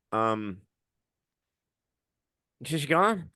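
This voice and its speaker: Male podcast co-host, lively swinging pitch, raw emotional storyteller who swears, dry close sound. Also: a little slow, no echo. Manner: raw, swearing, quotes himself shouting.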